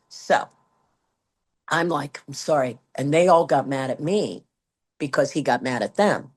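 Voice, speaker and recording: Older woman telling a story, lower-pitched. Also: unhurried, breathy edge. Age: 70s. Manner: lively, acts out quoted dialogue with big pitch swings. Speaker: guest, former Broadway performer. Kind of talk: anecdotal storytelling.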